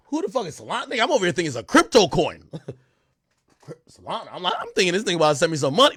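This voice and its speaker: A man's voice: high voice, wildly swooping pitch, fast, a bit bright, husky, dry recording, studio quality. A man chatting casually on his livestream, tipsy, rambling and profane, laughing often and mimicking other people.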